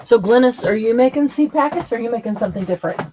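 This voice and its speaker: A woman's voice: on the high side, expressive, rapid-fire, dark tone, lo-fi sound, a little hiss or hum. A woman hosting a craft livestream from a home craft room, chatting casually and admiring her materials as she works. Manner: chatty, admiring, thinks aloud while working.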